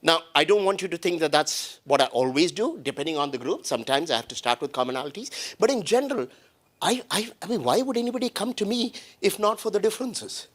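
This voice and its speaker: A man from India, a conflict facilitator, giving an animated, blunt public talk with frequent restarts and hesitations. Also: high-pitched, fast talker.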